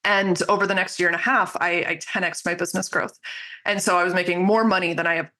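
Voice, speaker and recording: A woman's voice: fairly low pitch, steady tone, fast talker, sharp tone. A woman guest on a podcast, talking with passion and enthusiasm about her coaching work and business growth. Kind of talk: casual interview talk.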